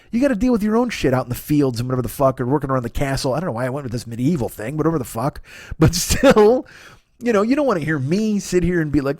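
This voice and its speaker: A man's voice: on the high side, lively intonation, fast, a little mellow, no echo. A man talks alone into a close mic in a comedy podcast monologue. He rambles, curses freely and mocks himself, and the sound is dry with no room around it. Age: 40s. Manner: profane, self-deprecating, rambling. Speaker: podcast host.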